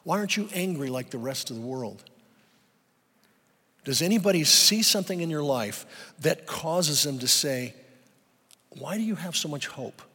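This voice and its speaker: A man's voice: mid-range voice, fairly bright tone, breathy edge. A pastor preaching a sermon, earnest and emphatic, asking his listeners rhetorical questions. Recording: long reverb of a large hall.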